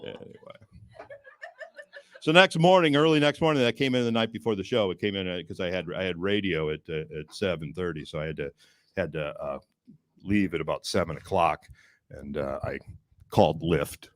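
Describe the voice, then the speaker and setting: A male stand-up comedian telling a story on a comedy club stage, rambling with restarts and bursts of shouting. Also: low voice, normal speed, slight background noise.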